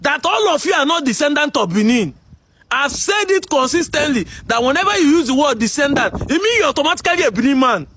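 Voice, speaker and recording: A man with a Nigerian accent delivering a heated commentary monologue, combative and full of rhetorical questions, shouting at times. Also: very high-pitched, big pitch swings, fast talker. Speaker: commentary video host.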